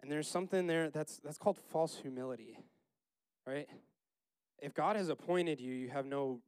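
A man leading a casual Bible study, chatty and laughing, acting out the characters in quick asides. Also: mid-range voice, a little mellow, clear, resonant tone, no room sound.

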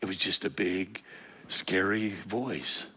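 A man's voice: low-pitched, fairly even intonation, slow pace, sharp tone, husky. A man preaching a conversational sermon, reading scripture and teaching with light laughs and self-corrections. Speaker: pastor.

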